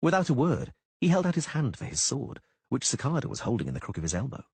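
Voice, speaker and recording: Casting: male audiobook reader, husky, expressive pitch, dry close sound. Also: quick pace, no echo. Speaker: audiobook narrator. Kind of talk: scripted narration.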